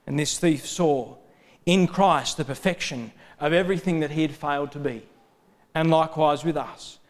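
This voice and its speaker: A man preaching a sermon in a steady, rhythmic cadence, building lists of parallel phrases. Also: fairly high pitch, normal speed.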